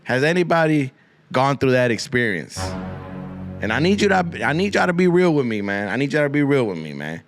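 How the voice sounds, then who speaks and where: A man's voice: mid-range voice, sing-song, a little fast, faint music behind. A man hosting a podcast, rambling through a crude comic monologue full of swearing and Spanish slang, often repeating himself. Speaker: podcast host.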